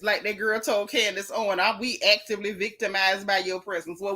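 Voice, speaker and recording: A woman's voice: fairly high pitch, bright, forceful tone. A woman hosting a livestream podcast, ranting in a casual, exasperated and emphatic way with dramatic repetition. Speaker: podcast host.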